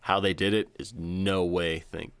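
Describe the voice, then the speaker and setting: A man's voice: low-pitched, level tone, unhurried, a bit bright, clean tone, no room sound. A man co-hosting a casual podcast, playful and jokey, with a goofy patter when he presents a trivia segment. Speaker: podcast co-host. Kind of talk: casual chat.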